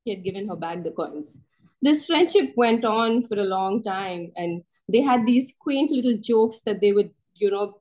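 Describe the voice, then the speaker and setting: Expressive woman storyteller narrating. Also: poor audio. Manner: expressive, lifts her pitch for quoted voices. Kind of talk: first-person story narration. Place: storytelling workshop.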